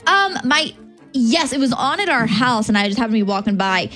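A woman's voice: on the high side, brisk, fairly bright tone, soft background music. A woman co-hosting a morning radio show in casual banter. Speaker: radio co-host.

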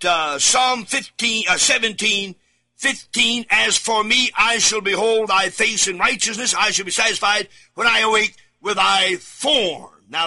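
Emphatic high-voiced preacher, slow and bright. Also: male voice. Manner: emphatic, repeats key words, swings from shouts to low asides. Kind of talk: studio sermon reading scripture. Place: studio, alone.

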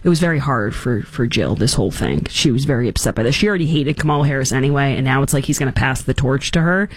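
A woman hosts a talk show, her voice swinging widely in pitch as she riffs sarcastically and acts out quotes. The sound is dry and close on a studio mic. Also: animated, fast, slightly rough, no room sound. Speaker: radio talk show host. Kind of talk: opinionated casual commentary.

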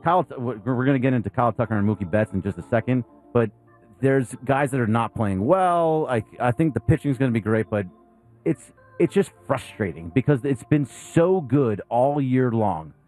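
A man co-hosting a casual sports talk show, blunt and animated in his opinions. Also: medium pitch, moderate pace, soft background music. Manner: blunt, animated, mocks players with put-on whiny voices. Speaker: sports radio co-host.

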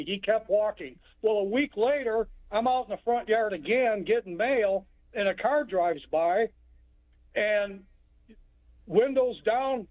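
A man from Texas calls in over a tinny phone line and tells his story plainly. His voice sits high for a man. He rambles and restarts often. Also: unhurried, no room sound. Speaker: caller.

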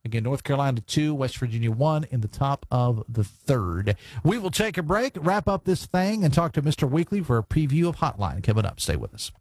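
A man's voice: mid-range voice, big pitch swings, a little fast, a little mellow, dry recording. Chatty radio talk show host man. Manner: conversational, reads listener texts, many fillers. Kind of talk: casual call-in talk radio chat. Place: radio studio. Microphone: studio broadcast mic.

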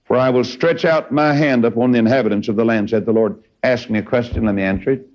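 A man's voice: medium pitch, fast, a little mellow. A man preaching a sermon in a fervent, folksy way, with sudden rises in his voice. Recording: dull lo-fi recording.

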